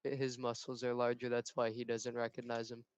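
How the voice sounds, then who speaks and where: A man's voice: medium pitch, monotone, moderate pace, clean tone, dry recording. A man chatting while gaming, rambling through hesitant explanations. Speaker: player. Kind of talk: casual gaming chat.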